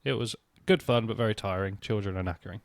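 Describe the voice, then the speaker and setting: A man's voice: fairly low pitch, fast talker, creaky, no echo, studio quality. A man co-hosting a podcast, trading cheeky, crude banter in a casual chat. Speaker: podcast co-host.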